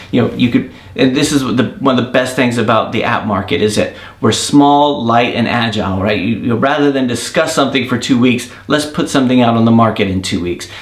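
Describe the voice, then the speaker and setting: Rambling male app developer, roomy sound. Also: mid-range voice. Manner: thinking aloud, rambling rant. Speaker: indie app developer and show host. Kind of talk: casual daily monologue. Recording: roomy echo.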